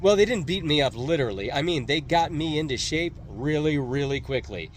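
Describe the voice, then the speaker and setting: A swaggering, cold-edged ex-sailor, as a male reader plays him boasts through his past in an audiobook. His tone is sardonic and dismissive, and his voice swings widely in pitch, sitting a little high for a man. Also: expressive, brisk, slight background noise, close to an everyday voice. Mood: cocky. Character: cocky, cold ex-Navy man with a secret past.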